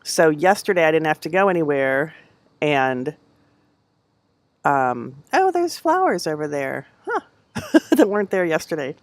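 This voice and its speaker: A woman's voice: deep voice, big pitch swings, a little slow, long pauses, dry recording. A middle-aged woman hosting a casual livestream from home on a headset mic, chatty and rambling with lots of fillers. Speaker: knitting livestream host. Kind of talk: casual chat.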